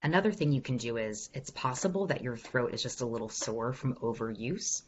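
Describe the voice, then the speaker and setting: A woman's voice: extremely low pitch, animated, fairly quick, dull audio, slight background noise. A woman voice coach answering questions in an online workshop, upbeat and encouraging as she demonstrates exercises. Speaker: executive voice coach. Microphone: video call.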